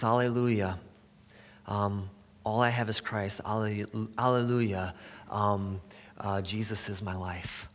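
A man preaches a sermon in a conversational, halting manner, with many fillers and restarts, sometimes sinking to a soft near-whisper for emphasis. His voice is lowish, followed by a long reverb tail.

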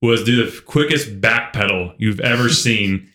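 A man co-hosting a podcast, telling a story in an animated, casual way full of filler words. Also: on the low side, normal speed. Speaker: podcast co-host. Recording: roomy echo.

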